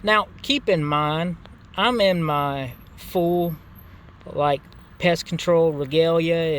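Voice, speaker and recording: A man telling a casual, profane anecdote in a laid-back way, full of fillers. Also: a little high. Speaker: gaming channel host.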